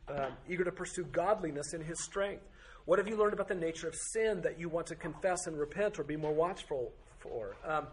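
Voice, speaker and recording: A man teaching a Bible study class, firing off strings of rhetorical questions with occasional joking asides. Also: sits high. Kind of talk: teaching to a group.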